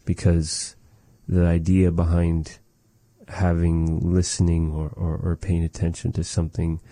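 A man giving a relaxed spoken language lesson, measured and thoughtful, with many pauses and fillers. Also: deep voice, dry recording. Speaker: language teacher.

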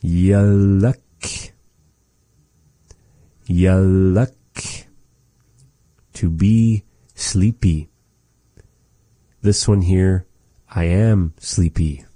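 Man, very low dark voice, unhurried patient teacher repeating words, dry close mic. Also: no echo. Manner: slow, patient, repeats each word, folksy asides. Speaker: language teacher. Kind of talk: slow vocabulary lesson with repeated words.

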